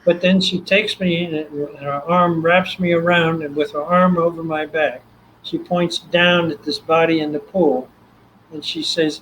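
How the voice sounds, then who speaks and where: A man's voice: a little high, measured pace, slight background noise, low-quality recording. Older Texan man telling a story. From Texas. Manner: animated, acts out quoted voices. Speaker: guest. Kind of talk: storytelling interview.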